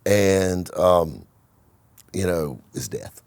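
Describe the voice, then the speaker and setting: A man hosting his own channel, giving blunt, animated motivational talk to the camera and swearing freely. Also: low voice, extremely slow, dry recording. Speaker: car vlogger and host.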